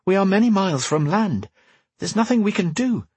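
A man voicing a fierce young woman pirate captain who turns to gruff pirate swagger when she commands her crew. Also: sits high, big pitch swings, moderate pace, a little mellow, no room sound, pitched above the performer's own voice, heavily acted. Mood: urgent, wary.

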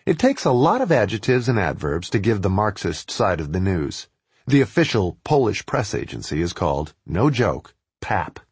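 Man, wry storytelling read, husky voice, animated pitch, close and dry. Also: moderate pace, dry recording. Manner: wry, sardonic. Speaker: writer reading his own travel piece. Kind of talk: first-person narration read aloud.

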